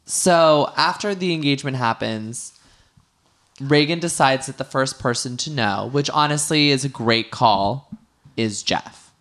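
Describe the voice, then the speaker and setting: A woman with an unusually deep, low voice talks through a reality show in a casual podcast chat. She stumbles and restarts often and acts out what people said. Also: unhurried. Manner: chatty, acts out quotes, frequent restarts. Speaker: podcast co-host.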